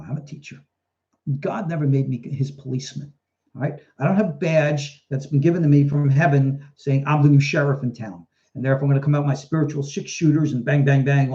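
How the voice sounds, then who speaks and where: A man, a rabbi and teacher, answering viewer questions in a casual live talk, chatty and digressive, telling stories as he goes. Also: medium pitch. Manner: chatty, animated storyteller, digresses freely. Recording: dull lo-fi livestream audio.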